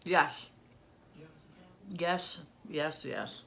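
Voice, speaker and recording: Slow-talking woman from New York State. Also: sits low, creaky, pushed and bright. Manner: slow, savoring, lots of happy humming. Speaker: vlogger. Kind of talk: candy taste-test review.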